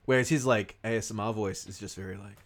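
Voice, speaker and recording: Fast-talking young man, casual podcast chat. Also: fairly low pitch. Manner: rambling, swears freely. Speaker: podcast co-host.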